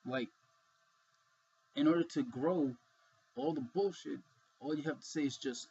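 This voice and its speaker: A man's voice: mid-range voice, unhurried, long pauses, darkish tone, dull audio, slight background noise. A man talking frankly in a casual monologue vlog, rambling and swearing freely as he goes.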